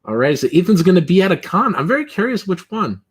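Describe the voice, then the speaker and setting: A man's voice: high-pitched, very animated, quick pace, husky. A man hosting a casual livestream, rambling and chatty, full of fillers and chuckles. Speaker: livestream host.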